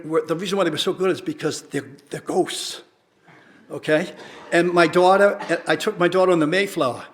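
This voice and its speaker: An older man, a retired teacher and researcher, rambling through wry stories and drawing out his punchlines. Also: sits high. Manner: wry storyteller, drawn-out punchlines. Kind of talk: rambling anecdotal talk.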